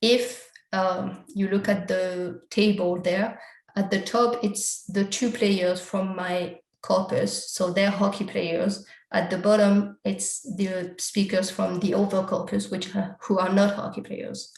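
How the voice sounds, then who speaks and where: A woman's voice: medium pitch, flat delivery, takes it slowly, a little mellow, roomy sound, rough recording. A woman giving an academic conference talk, walking through slides and explaining survey results step by step. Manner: explanatory, steps through results with frequent quotes of survey questions.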